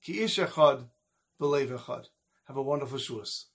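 A man giving a storytelling sermon at a community event, animated as he narrates. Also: mid-range voice, normal speed.

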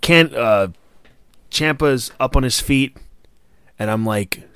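Male podcast co-host, mid pitch, excitable, casual fan chatter on a dry close mic. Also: takes it slowly, clean tone, no echo. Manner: excitable, swears, acts out quotes. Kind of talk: casual wrestling review chat.

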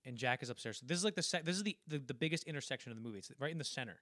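Male podcast co-host, middle pitch, dry close sound, rambling scene-by-scene recaps. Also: animated, a bit bright, no echo. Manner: rambling, acts out film lines in quick impressions. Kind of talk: casual film discussion.

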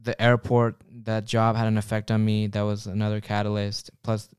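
A man's voice: fairly low pitch, completely flat delivery, normal speed, a little mellow, smooth, no echo, studio quality. A man co-hosting a casual podcast, rambling and joking at his own expense, often restarting his sentences. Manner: rambling, self-mocking humor with frequent restarts. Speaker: podcast co-host.

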